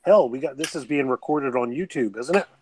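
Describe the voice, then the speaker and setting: A man's voice: medium pitch, a little fast, darkish tone, a little hiss or hum, low-quality recording. A man playing a tabletop game, talking casually and pushing the group to keep going. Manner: talkative, reasonable, keeps the group moving. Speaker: player.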